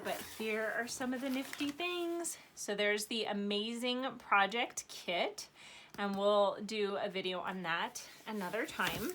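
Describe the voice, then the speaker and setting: A young woman vlogging an unboxing from her floor at home, gushing and bubbly, saying again and again how excited she is. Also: mid-range voice, a little hiss or hum. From Arizona, United States. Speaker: craft vlogger. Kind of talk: unboxing vlog.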